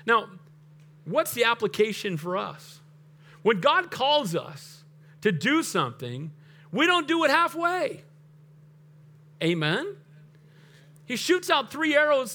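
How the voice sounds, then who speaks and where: High-voiced man preaching a sermon. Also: big pitch swings, normal speed, bright, forceful tone. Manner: storytelling preacher, acts out the figures in quotes. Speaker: pastor.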